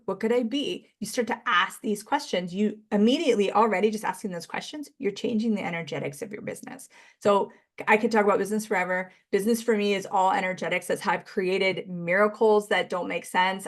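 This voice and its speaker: A woman from Canada talking as a guest on a podcast, chatty and acting out bits of dialogue as she goes. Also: mid-range voice. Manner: chatty, acts out quoted dialogue, laughs often. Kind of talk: casual chat.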